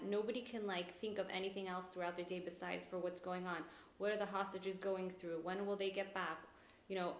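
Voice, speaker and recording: A woman host with a somewhat low voice tells a story softly and with emotion in a relaxed interview. Her voice echoes in the room. A faint hiss lies behind her. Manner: emotional, soft-spoken storytelling. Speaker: podcast host. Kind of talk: conversational interview.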